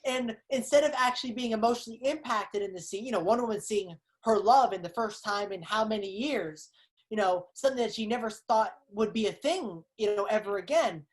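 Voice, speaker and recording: A woman guest on a podcast, talking a movie over in lively, analytical casual chat and acting out her reactions. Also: mid-range voice, a little fast. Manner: animated, analytical, acts out reactions.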